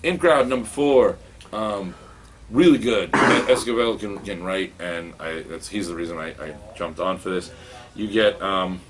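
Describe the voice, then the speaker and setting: Deep voiced dude rambling about comics at the shop, lots of ums, dry jokes. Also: male voice, unhurried, noisy background. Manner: rambling and wry, with many fillers and restarts. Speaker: comic book reviewer. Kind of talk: casual review chat. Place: comic book store.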